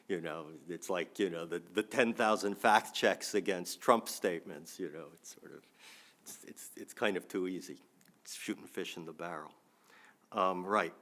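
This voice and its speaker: A man giving a think-tank panel talk with frequent ums and restarts, adding dry asides. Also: lowish voice.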